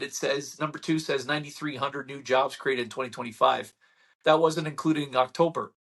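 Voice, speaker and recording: Husky-voiced man ranting to camera. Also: mid-range voice. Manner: animated ranting, sarcastic mock quotes. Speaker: real estate channel host. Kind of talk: casual market-update talk to camera.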